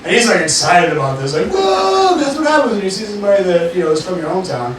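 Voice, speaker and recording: High-voiced young man doing stand-up. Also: sing-song, rapid-fire, a bit bright. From Mississippi Gulf Coast, USA. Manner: casual, profane, rambling with many fillers. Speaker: stand-up comedian. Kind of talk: stand-up comedy set. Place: bar room with a live audience. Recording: echoey, distant, noisy live bar recording. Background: room ambience and crowd noise.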